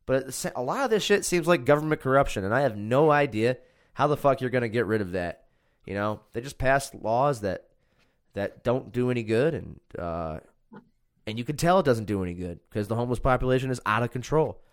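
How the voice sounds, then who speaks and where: A man's voice: medium pitch, expressive, brisk. A young man from Chicago telling a rambling, profane story in casual chat.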